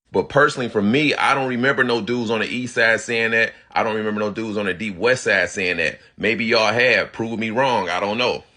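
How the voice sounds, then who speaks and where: A man from Detroit talks straight to his viewers in a thick Detroit accent, blunt and profane. His voice has a bright, forceful edge. He sounds like he's in his thirties. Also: lowish voice. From Detroit, USA. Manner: blunt, profane street talk with loud imitations. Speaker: vlogger. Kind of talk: casual monologue to camera.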